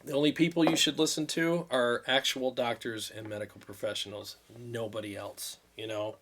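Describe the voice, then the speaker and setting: A man's voice: mid-range voice, steady tone, normal speed, fairly bright tone. Man, 50s, livestream host; earnest, rambling, a little emotional. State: recovering from illness, drained. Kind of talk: casual livestream chat.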